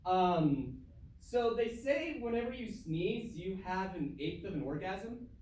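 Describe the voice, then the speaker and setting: A man's voice: high voice, big pitch swings, slow pace, darkish tone. A young man performing a casual, self-deprecating stand-up comedy set in a comedy club, laughing at his own jokes. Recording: echoey room heard from far off.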